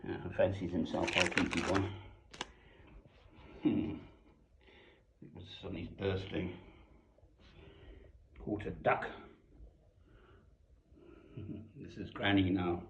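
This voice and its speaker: An older man from South Africa reminiscing over family photos, musing aloud with frequent chuckles and softly repeated words. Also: deep voice, level tone, slow pace, creaky, long pauses, slight background noise. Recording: roomy, dull lo-fi recording.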